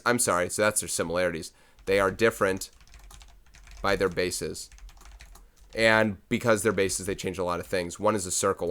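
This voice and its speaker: A man with a low, bright voice works through a math lesson on his own. He thinks aloud, corrects himself often and keeps the tone easygoing as he explains each problem. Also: gravelly. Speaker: math teacher. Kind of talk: recorded math lecture.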